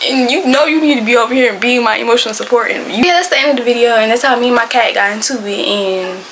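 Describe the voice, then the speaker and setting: A young woman telling a storytime to camera, animated, emphatic and slangy. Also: on the high side, quick pace, a little hiss or hum, rough recording. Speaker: storytime vlogger.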